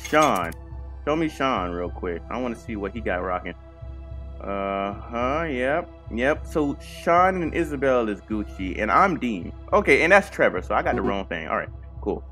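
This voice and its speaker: A man playing a horror game and commenting as he goes, bantering with the characters and yelling loudly when scared. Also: mid-range voice, normal speed, faint music behind. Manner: loud excited reactions, slangy banter with game characters. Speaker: gaming streamer.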